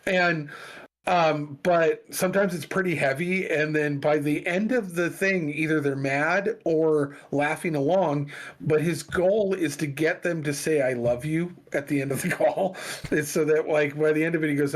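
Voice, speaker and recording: Animated man telling a story. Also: on the high side, moderate pace. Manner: animated storyteller, acts out quoted calls. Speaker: podcast co-host. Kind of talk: casual chat.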